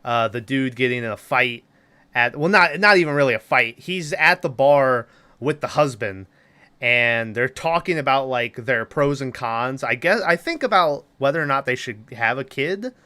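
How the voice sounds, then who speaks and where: A man's voice: mid-range voice, animated, moderate pace, sharp tone, smooth. A man co-hosting a podcast, giving a rambling, casual movie recap, swearing and laughing often. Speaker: podcast co-host.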